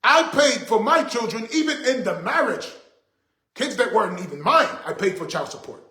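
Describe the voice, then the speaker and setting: A man's voice: high-pitched, sing-song, moderate pace, pushed and bright. Indignant middle-aged man ranting, echoey room. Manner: indignant, preachy, repeats points for emphasis. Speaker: vlogger. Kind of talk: ranting monologue to camera.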